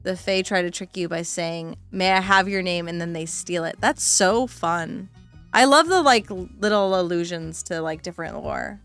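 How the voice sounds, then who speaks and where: A young woman streaming a game, reacting with excitable, giggly commentary. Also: on the low side, normal speed, soft background music.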